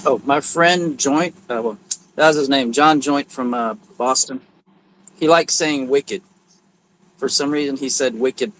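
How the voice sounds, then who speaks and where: A man's voice: medium pitch, a little slow, a bit bright, slight background noise, rough recording. Easygoing man co-hosting a stream. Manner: easygoing, hesitant with frequent uhs. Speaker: guest co-host. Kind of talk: casual livestream chat.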